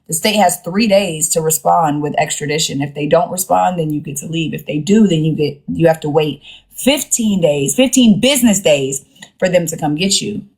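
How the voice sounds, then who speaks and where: A woman's voice: low-pitched, moderate pace, a little mellow, husky. A young woman casually telling a rambling story to her live-stream viewers from her phone, slangy and acting out what others said. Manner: chatty and rambling, slangy, acts out quoted voices.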